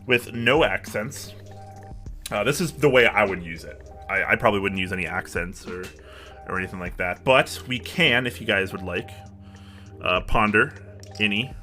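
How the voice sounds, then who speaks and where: A man's voice: lowish voice, sharp tone. A man hosting a live stream in casual chat, thinking aloud and asking viewers for their opinions with frequent restarts. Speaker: livestream host.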